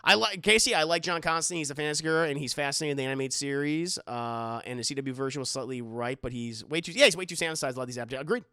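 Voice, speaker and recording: A man's voice: medium pitch, racing, hardly any pauses, pushed and bright, clear, resonant tone, no echo, clean studio sound. A man live-streaming, rambling through casual commentary and reading out his chat, often stumbling and repeating words.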